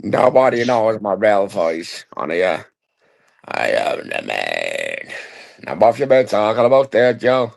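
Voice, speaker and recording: A man on a stream call putting on a gruff, throaty voice, teasingly calling the host "lad". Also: lowish voice, huge pitch swings, unhurried, heavily acted. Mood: smug. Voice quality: gravelly, throaty. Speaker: caller on a live stream.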